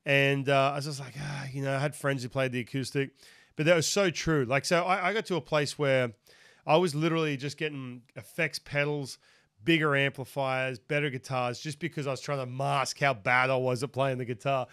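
A man's voice: mid-range voice, fairly even intonation, a little fast, fairly bright tone, smooth, no echo, clean studio sound. A man with an Australian accent hosting a podcast interview, talking animatedly with a lot of restarts and fillers. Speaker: podcast host. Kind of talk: casual interview chat.

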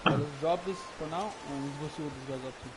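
A man's voice: on the high side, racing. A young man playing a video game with a friend, swearing and bantering casually. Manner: swearing, joking banter with a story. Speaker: gamer. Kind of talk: casual gaming chat. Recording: loud game noise behind. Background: loud game sounds of water and animals.

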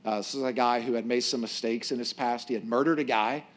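A male pastor giving a sermon in a conversational, animated storytelling way. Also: mid-range voice, quick pace.

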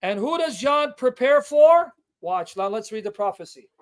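A man's voice: very high-pitched, expressive. A man hosting a livestream Bible teaching, reading scripture aloud and stressing key words again and again. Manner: emphatic, repeats key words to drive the point home; reads scripture aloud with slow stressed delivery.

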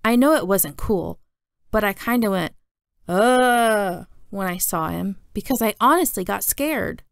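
A woman reading a novel aloud as first-person narration, telling it in an even storytelling manner. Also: mid-range voice, normal speed, creaky, no room sound, clean studio sound. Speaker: audiobook reader.

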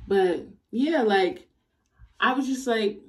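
A young woman vlogger telling a casual storytime in an animated, slangy, exasperated way. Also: fairly high pitch, takes it slowly, far from the mic.

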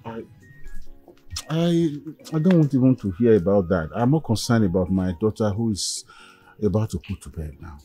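A man's voice: on the low side, expressive, normal speed, dark tone, husky, faint music behind. An actor playing a concerned father giving emphatic advice. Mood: advising. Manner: advising, emphatic. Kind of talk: Nollywood film acting.

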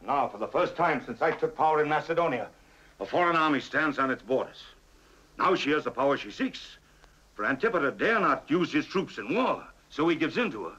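An actor playing a cunning, stern middle-aged king and father, who talks in a husky, commanding voice and questions with scorn, in a 1950s epic film. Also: on the high side, expressive, brisk, bright, forceful tone, exaggerated voice. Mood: impassioned. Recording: dull lo-fi 1950s film soundtrack.

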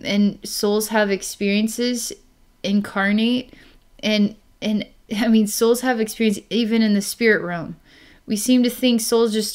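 Smooth-voiced woman narrating a psychic session. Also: mid-range voice. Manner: rambling, with frequent fillers and restarts; breaks into light laughs. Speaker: psychic reader.

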